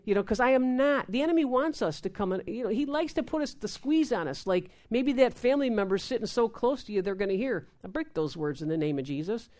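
A woman's voice: fairly high pitch, lively intonation, fast, hardly any pauses, a little mellow. A woman giving an informal sermon, often repeating words and acting out quoted prayers. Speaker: preacher.

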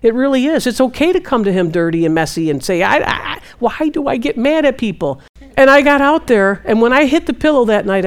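A woman giving casual Christian teaching, answering a question and acting out her own prayers. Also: a little fast. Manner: animated, quotes God in hushed low voice.

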